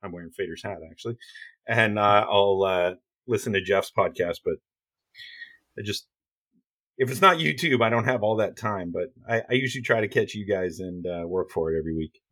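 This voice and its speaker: A man with a slightly low voice, chatting easily as a podcast guest. He rambles at length and fills his speech with "uh" and "um". The tone is relaxed and friendly. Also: brisk. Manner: rambling, many fillers and restarts. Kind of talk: casual podcast chat.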